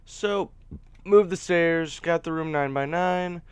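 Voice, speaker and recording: A man's voice: on the high side, measured pace, clean tone, no room sound. A man giving casual, chatty commentary over his own gameplay as host, rambling a little and poking fun at himself. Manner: chatty, rambling, self-deprecating. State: hiccups. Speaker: let's play host.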